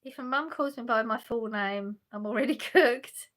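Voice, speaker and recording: A woman on the high side of the pitch range speaks at normal speed with a fairly bright tone. Lounging on her sofa at home, she hosts a livestream, reading chat messages aloud and replying, frequently laughing and restarting.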